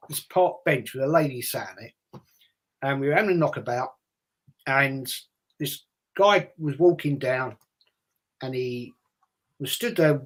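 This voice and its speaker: An older man from England with a London accent, hosting a casual chat and telling rambling childhood stories. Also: medium pitch. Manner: rambling anecdotal storytelling with acted-out voices. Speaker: host.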